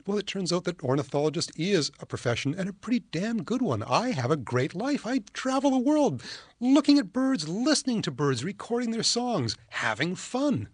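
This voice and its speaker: Canadian man, animated and a touch high, dry close sound, keen storyteller guest. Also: fairly quick, husky, no room sound. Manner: enthusiastic, storytelling. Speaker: ornithologist guest. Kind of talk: casual interview talk.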